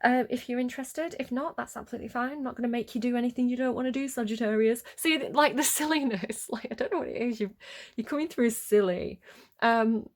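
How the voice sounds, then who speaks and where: A woman's voice: fairly high pitch, quick pace. A woman giving a casual tarot reading, giggly, playful and rambling. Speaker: tarot reader.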